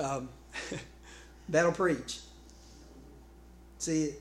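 A man preaching a sermon in an animated, conversational way, often restarting phrases and calling out to his congregation. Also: mid-range voice, slow, pauses often. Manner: calls out to the congregation. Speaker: pastor. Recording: echoey room with faint background noise.

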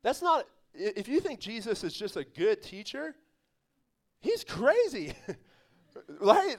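High-voiced man preaching with emphatic energy. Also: wildly swooping pitch, slow, long pauses. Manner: emphatic, conversational preaching with laughs and asides. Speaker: pastor. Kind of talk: sermon.

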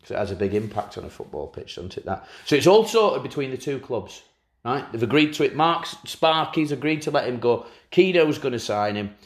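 A man co-hosting a casual football podcast, telling stories with a lively delivery and slipping into impressions. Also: mid-range voice, a little fast, roomy sound. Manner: lively storyteller, slips into impressions of people. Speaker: podcast co-host.

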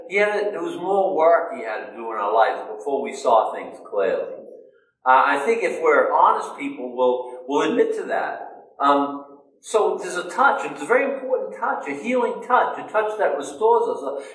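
A man preaching a sermon in a loose, conversational way, asking himself questions and answering them. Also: a little high. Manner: conversational, self-questioning, animated. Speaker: pastor. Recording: echoey room, mic at a distance.

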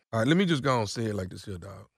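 A man's voice: lowish voice, slightly rough, dry recording, clean studio sound. A man on a radio show making a prank phone call, talking in laid-back street slang and stumbling over repeated words.

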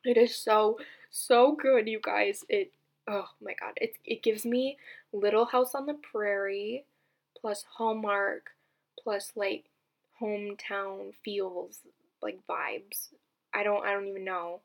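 A young woman hosts a casual solo podcast, chatting loosely in an ordinary mid-range pitch at a slow pace with a steady tone. Her phrases end in a gravelly fry, and she gushes, uses many fillers, and often trips over and restarts her words.

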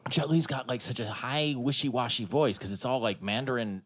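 A man's voice: mid-range voice, a little fast, fairly bright tone. A man hosting a podcast, talking in a loose, rambling way and laughing often. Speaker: podcast host. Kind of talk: casual chat.

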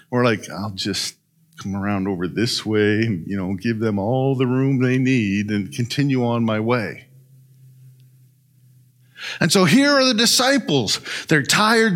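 A man preaching a sermon, retelling a story in an animated way and often asking "right?". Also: on the high side. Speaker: pastor.

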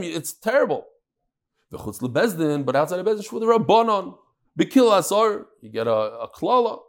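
A man teaching a daily Talmud class, mixing Hebrew and Aramaic terms into lively English explanations. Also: moderate pace. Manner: animated, jumping pitch and pace.

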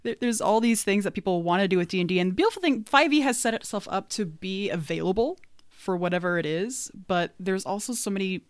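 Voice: mid-range voice, lively intonation, fast talker, clean tone, dry recording, studio quality. A podcast co-host chatting casually about tabletop games, laughing often and making playful asides.

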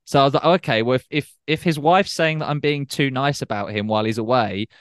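A man's voice: mid-range voice, fairly quick, smooth, no echo, clean studio sound. A man hosting a casual podcast, teasing and joking with a guest. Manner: teasing, playful banter. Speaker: podcast host.

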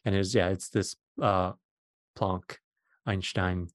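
A man's voice: fairly low pitch, moderate pace, dry recording, studio quality. A middle-aged man, a physicist guest, patiently explaining science in plain words during a conversation.

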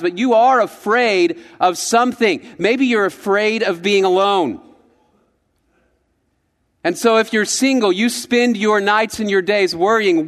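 A man preaching a sermon as a pastor, in a conversational, reflective storytelling manner. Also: high voice. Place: church sanctuary. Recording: long church-hall reverb.

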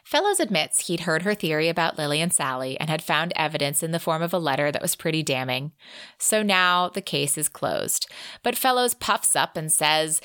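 A woman's voice: deep voice, animated, fairly bright tone, clear, resonant tone, no echo, clean studio sound. A woman co-hosting a podcast, chattily retelling a romance novel's plot. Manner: chatty, quick retelling with laughs. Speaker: podcast co-host. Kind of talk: casual book recap chat.

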